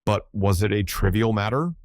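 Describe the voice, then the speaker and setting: A man's voice: on the low side, lively intonation, normal speed, no echo, clean studio sound, natural voice. A man voicing a fussy, methodical older male detective who speaks in a precise, musing way. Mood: probing.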